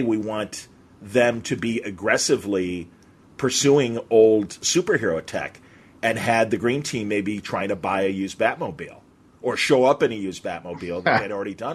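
A man's voice: medium pitch, slightly rough. A male podcast host who talks casually and eagerly, rambling with many restarts. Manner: enthusiastic, rambling, lots of restarts and fillers.

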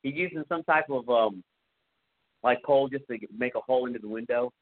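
A man's voice: medium pitch, fairly quick. Chatty man on a tinny line. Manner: chatty, jokey, acts out bits of scenes. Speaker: podcast co-host. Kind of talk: casual podcast movie recap. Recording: tinny phone-like sound.

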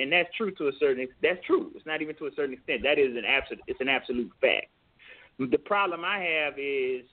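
A man co-hosting a call-in talk show, speaking emphatically and often repeating himself. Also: on the high side. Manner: emphatic, repeats phrases, says "you know what I'm saying". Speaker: co-host. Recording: tinny phone-line sound.

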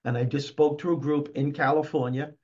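Older man, guest speaker, emphatic and upbeat, a bit high-pitched, dull lo-fi sound. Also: level tone, fairly quick, darkish tone. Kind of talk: conversational interview. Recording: dull lo-fi recording.

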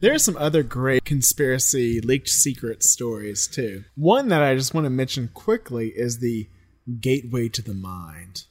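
A man co-hosting a podcast, calmly explaining the sources of online horror stories. His voice is mid-range for a man. He talks in an easy, conversational way. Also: medium pitch, normal speed. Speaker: podcast co-host. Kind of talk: casual podcast chat.

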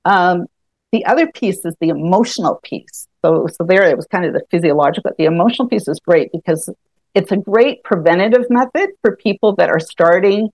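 A woman guest explaining a self-help tapping method in casual conversation, animated and quick to laugh, often restarting her sentences. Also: fairly low pitch, dry recording. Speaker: EFT tapping practitioner, guest.

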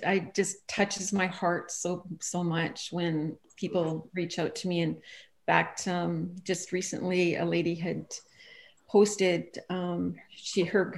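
A woman, a guest author on an online radio show, telling personal stories in a casual, animated way and acting out the quoted voices. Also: fairly low pitch, unhurried, creaky. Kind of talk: casual interview chat.

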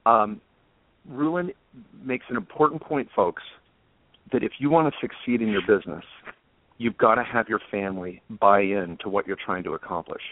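A man's voice: on the low side, moderate pace. A man hosting a talk show panel, speaking in an effusive, casual way and often repeating words. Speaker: host. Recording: tinny phone-like line, dry.

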